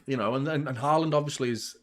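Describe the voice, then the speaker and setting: A man hosting a live football watchalong, chatting opinions and commenting on play, swearing freely and getting loud at big moments. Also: medium pitch, quick pace. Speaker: host of a football fan channel.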